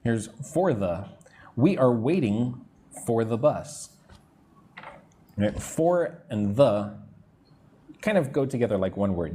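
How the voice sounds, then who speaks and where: A man teaching English on a live stream, modelling phrases slowly and greeting viewers between sentences. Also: mid-range voice, expressive, warm tone, a little hiss or hum. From United States. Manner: slow, deliberate modelling of phrases, chatting with viewers.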